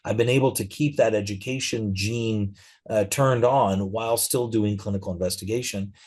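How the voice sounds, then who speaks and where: Middle-aged male guest, low mellow voice, easygoing anecdotal delivery. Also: moderate pace. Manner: relaxed storytelling with frequent fillers. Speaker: interview guest, physician. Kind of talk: conversational interview.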